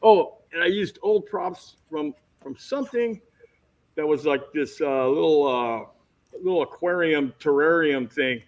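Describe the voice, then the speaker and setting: Animated man telling set anecdotes. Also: a little high, unhurried, lo-fi sound. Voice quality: bald. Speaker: guest. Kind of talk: casual storytelling chat.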